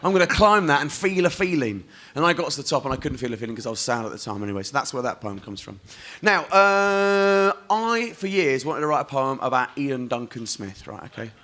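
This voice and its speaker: A man's voice: mid-range voice, animated, fairly quick, bright, forceful tone. A performance poet from Essex, a man reciting in a rhythmic, chanting way, then chatting in wry, rambling asides between poems. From Essex, England. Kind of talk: poetry reading and stage banter. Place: festival stage.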